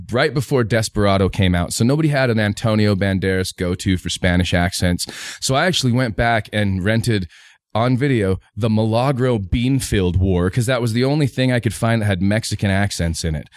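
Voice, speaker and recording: A man's voice: lowish voice, no room sound, clean studio sound. A man rambling through a story. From Utah, USA. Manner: rambling, animated storyteller with many restarts. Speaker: guest comedian. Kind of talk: casual podcast chat, storytelling.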